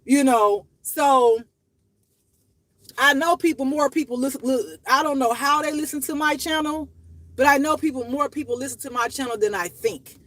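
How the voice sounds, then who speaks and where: A woman hosting her own channel talks unscripted to her viewers in a personal monologue that is blunt, profane, emotional, raw, and confessional, her voice rising and dropping. She has a high, fairly bright voice at normal speed, with no room sound.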